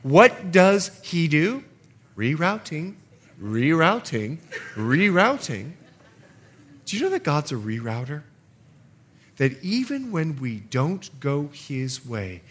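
Male pastor, animated sermon delivery, high and very expressive voice. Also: slow, breathy edge. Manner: animated preaching with acted-out asides.

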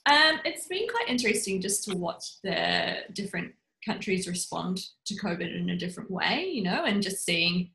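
A New woman chats as a podcast guest, open and talkative. Her voice sits a bit low but bright and edgy, with a gravelly fry, and it rings in an echoey room. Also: huge pitch swings, normal speed, hardly any pauses. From New Zealand. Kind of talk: casual interview chat.

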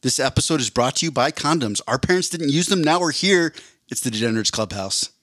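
Deadpan male podcast co-host. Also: medium pitch, fairly quick, no room sound, clean studio sound. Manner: deadpan joke delivery, over-explains punchlines. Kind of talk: casual comedy podcast chat.

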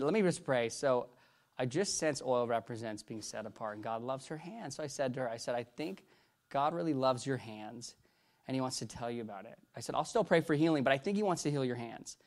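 A man preaching, telling a story and acting out the people in it with lively jumps in his voice. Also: quick pace. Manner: animated storyteller, acts out quoted dialogue with big pitch jumps. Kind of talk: storytelling sermon.

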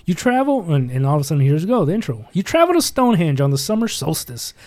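A man's voice: a little high, very animated, fast talker, darkish tone, no echo. A man hosting a casual chat, reading a gamebook aloud in a playful way and breaking off for jokey asides. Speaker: podcast host.

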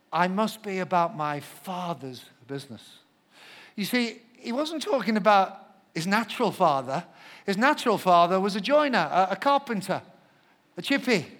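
A middle-aged man preaching a sermon as a pastor, animated, swinging between loud acted-out shouts and soft asides. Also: sits high. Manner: animated storyteller, shouts when acting out quotes, drops to soft asides. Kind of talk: sermon with personal story.

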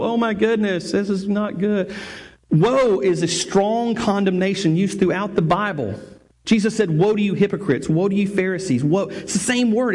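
A man's voice: fairly high pitch, a little mellow. A man preaching a sermon as pastor, earnest, often restarting phrases and repeating words for emphasis.

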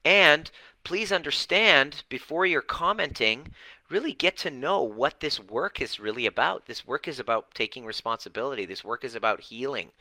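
Fired-up, blunt man with very bright voice. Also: mid-range voice, lively intonation, normal speed, dry recording, low-quality recording. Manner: passionate, blunt, swears for emphasis; dramatic, fired up. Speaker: relationship and healing coach. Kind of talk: livestream talk to an online group.

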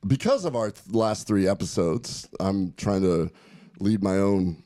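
A middle-aged man co-hosting a casual chat, telling stories in an animated way and laughing often. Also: low-pitched, unhurried, no echo, clean studio sound. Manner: animated storyteller who laughs a lot. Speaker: podcast co-host.

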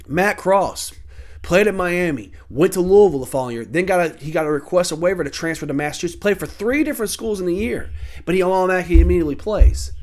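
A man in his thirties ranting alone about college sports, swearing often, irritated and heated, with sudden loud outbursts. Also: high voice. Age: 30s. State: annoyed. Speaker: sports talk host. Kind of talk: solo sports rant.

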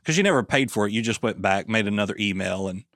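A man's voice: fairly low pitch, lively intonation, fast talker, fairly bright tone, no echo, studio quality. A man in his thirties with a Southern US accent, hosting a casual interview and telling easygoing stories with acted-out dialogue. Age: 30s. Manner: easygoing storyteller who acts out quoted dialogue. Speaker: podcast host.

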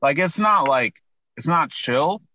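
A man's voice: on the high side, animated, unhurried, sharp tone. A young man in casual chat, laid-back and swearing, with lots of "like" and "dude.". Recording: dull lo-fi dry sound.

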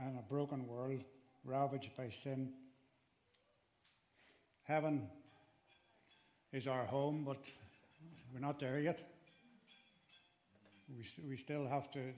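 A man's voice: mid-range voice, darkish tone. A man preaching a sermon, earnest and emphatic, speaking directly to his listeners and pressing harder on the pleas he quotes. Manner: direct address to listeners with restarts.

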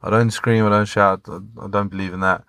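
A man's voice: fairly low pitch, level tone, a little fast, fairly bright tone, clean tone, dry recording, studio quality. A man, a fitness coach, talking earnestly and motivationally as a podcast guest, with some casual swearing.

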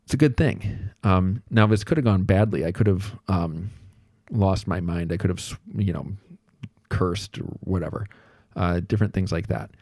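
Male podcast host, thirties, mellow dark tone, dry close mic, easygoing storyteller. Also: low voice, moderate pace, no room sound. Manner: conversational, self-deprecating, storytelling with asides. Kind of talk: solo podcast monologue.

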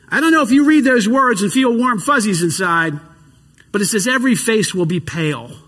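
A man's voice: very high voice, husky. Impassioned preacher man in a reverberant hall. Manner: impassioned, swings between hushed and shouted. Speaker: pastor. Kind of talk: sermon.

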